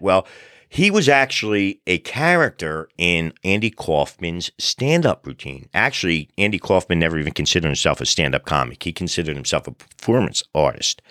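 Animated low-voiced man telling stories. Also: no room sound, studio quality. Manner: animated storyteller, acts out crowd voices. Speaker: podcast host. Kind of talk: casual storytelling chat.

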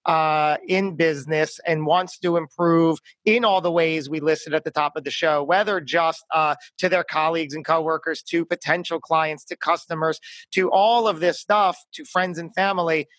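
A man's voice: a little high, steady tone, moderate pace, few pauses, a bit bright, no echo. A man hosting a podcast interview, eager and affirming as he asks questions, with a few fillers. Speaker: podcast host.

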